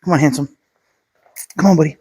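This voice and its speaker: A fairly high-voiced man teaching dog training, speaking in a calm, steady way. He gives clipped commands and quick praise to the dog between his explanations. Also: slightly rough. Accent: Pennsylvania. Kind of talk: instructional dog training video.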